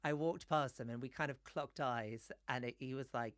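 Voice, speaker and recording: A man tells a story as a podcast guest, animated and laughing mid-sentence. His voice sits in a middle register. The sound is close and dry, with no room behind it. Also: medium pitch, fairly quick, few pauses, dry recording. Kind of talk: casual chat, anecdote. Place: studio.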